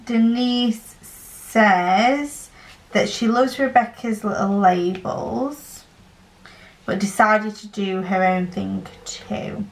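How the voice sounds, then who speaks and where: A young woman with a Yorkshire accent chats unhurriedly, circling back on her words with plenty of fillers as she talks her way through a craft session. Her voice sits at an ordinary middle pitch. The room around her gives a noticeable echo. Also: vocal fry. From Northern England. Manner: rambling, chatty, lots of fillers. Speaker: diamond painting channel host. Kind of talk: casual chat while crafting.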